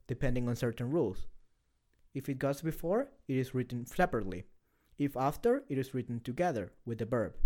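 A man teaching a beginner lesson in a clear, explanatory, scripted way. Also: fairly high pitch, darkish tone. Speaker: language teacher.

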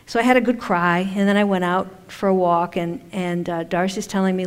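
A woman's voice: lowish voice, fairly even intonation, fairly quick, clear, resonant tone. Chatty older woman in a reverberant hall. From Maine. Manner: chatty, laughs often, self-deprecating asides. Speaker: speaker at a spiritual event. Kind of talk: casual talk to a live audience. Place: stage in a large hall. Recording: echoey hall with long reverb.

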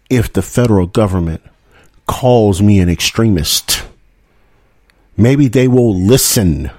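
A man's voice: mid-range voice, darkish tone, no echo, studio quality. A man hosting a political talk show, delivering a heated monologue full of profanity and rhetorical "hmm?" asides. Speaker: podcast host.

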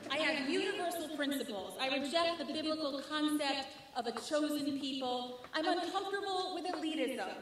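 A woman rabbi preaches a rhythmic sermon laced with wry humor. Her voice is high and bright. It rings through a very echoey sanctuary, picked up from some distance away. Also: slight background noise. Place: large synagogue sanctuary.

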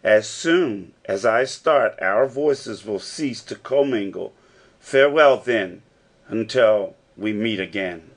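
A man's voice: fairly low pitch, expressive, takes it slowly. A man reading an eager young nephew who speaks earnestly, as an audiobook character.

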